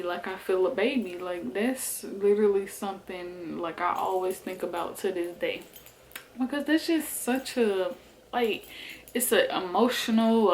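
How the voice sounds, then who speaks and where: A young woman speaks into her camera in a casual storytime. She is chatty and animated, peppering her talk with "like" and "y'all". She sounds relaxed and conversational. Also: mid-range voice, slight background noise, low-quality recording. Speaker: vlogger.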